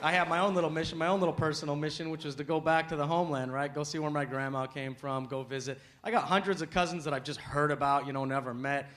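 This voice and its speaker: A man from the United States doing a stand-up comedy set with punchy, animated delivery and sudden shouts, on stage before a live audience. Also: on the high side, fast, few pauses. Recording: live show with loud crowd and noise.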